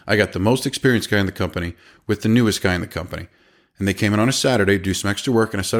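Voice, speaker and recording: A man's voice: fairly low pitch, rapid-fire. A man in his thirties, a business owner casually telling a story about his company and quoting the people in it. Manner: animated, quotes people in their own voices.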